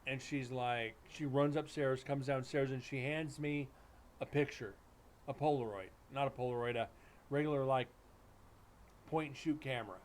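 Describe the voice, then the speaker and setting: A middle-aged man recounts a ghost investigation in a loose, chatty way. He restarts sentences often and acts out the back-and-forth dialogue. His voice sits at an ordinary middle pitch. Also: moderate pace, a little hiss or hum. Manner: rambling, animated storytelling with many restarts and quoted dialogue. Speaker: paranormal investigator. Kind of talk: casual storytelling on a live stream.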